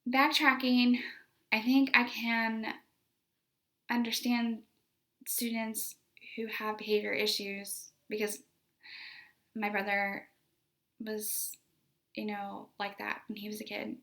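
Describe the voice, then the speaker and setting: A woman's voice: mid-range voice, little pitch movement, takes it slowly, creaky, pauses often, a bit bright. A young woman, a special education teacher, telling a story from her classroom in a casual, conversational way, full of "like" and "you know".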